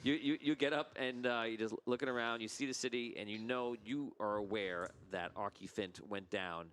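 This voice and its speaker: A man acting as game master, narrating a tabletop game in a relaxed, chatty way over an online video call and laughing often. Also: medium pitch, moderate pace, clear, resonant tone.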